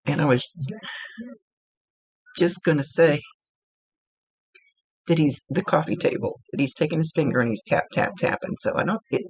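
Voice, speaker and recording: A woman working as a psychic medium, giving a one-on-one reading and talking in a halting way, often searching for her words. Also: extremely low pitch, vocal fry, breathy edge, dry recording, low-quality recording.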